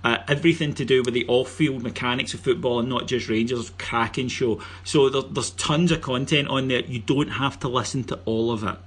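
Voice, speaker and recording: A man's voice: medium pitch, fairly even intonation, a little fast, few pauses, a bit bright, husky. A Scottish man hosting a casual football podcast, joking and teasing his guests while plugging the show. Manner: jokey, teasing, plugs the show. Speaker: podcast host.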